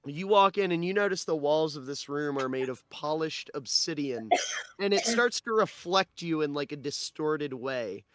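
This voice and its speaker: A man in the game master's seat, describing rooms at a deliberate pace and slowing down for the eerie parts. His voice sits a little high for a man, and the sound is close and dry with no room around it. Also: lively intonation, a bit bright, clear, resonant tone, no room sound. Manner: descriptive, slowing for dramatic narration. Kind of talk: narrating a tabletop game.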